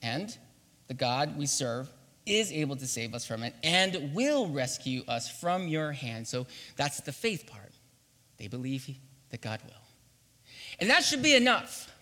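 Animated, bright-voiced male pastor preaching. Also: fairly high pitch, measured pace, in a large hall. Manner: animated and playful, acting out quotes with laughs. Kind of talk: sermon.

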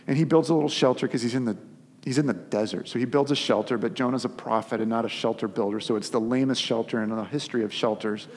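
A husky-voiced man preaches a sermon, retelling the story with lively, conversational touches. His voice sits at an ordinary middle pitch. A long hall reverb follows each phrase. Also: fast. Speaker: pastor.

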